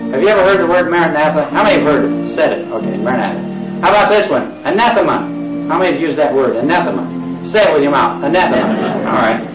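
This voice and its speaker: A man's voice: fairly high pitch, big pitch swings, quick pace, over music. A man preaching a sermon to a congregation, getting them to repeat words aloud and tossing in jokey asides. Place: church hall with congregation. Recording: echoey, distant, lo-fi cassette recording.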